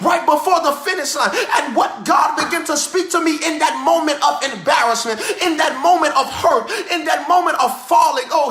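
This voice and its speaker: High, forceful shouting preacher man. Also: reverberant. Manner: shouting, sing-song preaching with cries of "help me, God". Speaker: pastor. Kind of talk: sermon.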